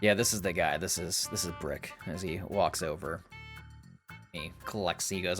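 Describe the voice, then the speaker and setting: A male game master narrating a tabletop session in a loose, joking, profane way. His bright, forceful voice sits over faint background music. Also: low voice, steady tone, normal speed. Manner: laughing, casual, profane.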